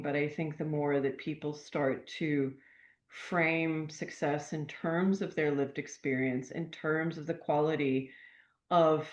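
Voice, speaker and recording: Older woman author, guest spot, earnest and reflective, low voice, roomy muffled line. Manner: reflective, earnest, warm enthusiasm. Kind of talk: podcast interview. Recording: echoey, dull remote audio.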